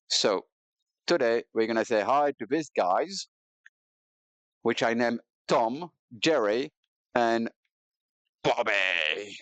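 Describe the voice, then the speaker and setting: A man's voice: medium pitch, expressive, slow pace, long pauses, a bit bright, no room sound. A man chatting casually while streaming a video game, rambling and joking at his own expense, recorded on a cheap headset. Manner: rambling, playful, self-mocking. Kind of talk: casual gaming stream chat. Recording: dull lo-fi headset audio.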